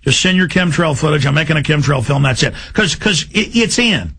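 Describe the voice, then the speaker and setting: A male radio host ranting in an agitated, heated way, breaking into shouting bursts. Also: a little high, lively intonation, brisk, creaky, husky. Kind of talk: heated talk radio rant.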